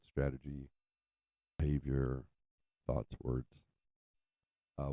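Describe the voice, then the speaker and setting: Host: very deep, gravelly man, dark tone, loose and profane, rambling chat, dull lo-fi sound. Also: no room sound. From California. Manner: loose, profane, chatty, trails off in filler. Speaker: podcast host. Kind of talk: casual rambling storytelling.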